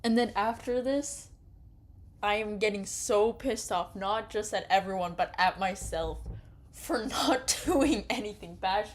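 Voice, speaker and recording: A young woman reading an interactive story game aloud and reacting to it excitably, often yelling and laughing. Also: medium pitch, measured pace. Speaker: game streamer.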